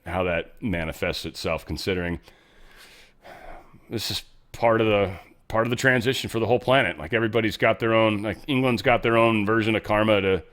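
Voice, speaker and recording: A man's voice: fairly low pitch, fairly bright tone. An American man hosting a show, giving rambling, irreverent news commentary and swearing freely. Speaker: show host.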